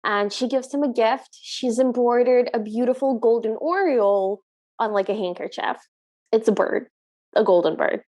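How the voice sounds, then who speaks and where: A woman co-hosting a podcast, retelling a movie's plot in lively casual chat and acting out the lines. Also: a little high, moderate pace. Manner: animated, laughing, recaps scenes and acts out the lines. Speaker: podcast co-host.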